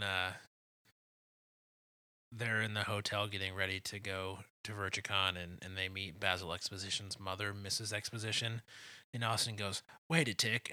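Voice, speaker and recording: A man's voice: bright, forceful tone, no room sound. A man co-hosting a casual movie chat, laughing often and breaking into quotes. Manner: laughs often, acts out movie quotes in high silly voices. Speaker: podcast co-host.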